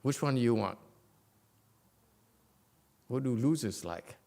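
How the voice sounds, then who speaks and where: A man gives a dharma lecture in a gravelly, mid-range voice. He is blunt and joking, and he repeats short phrases for emphasis as he teaches as a Buddhist master. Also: medium pitch, lively intonation, slow, mellow. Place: meditation center hall.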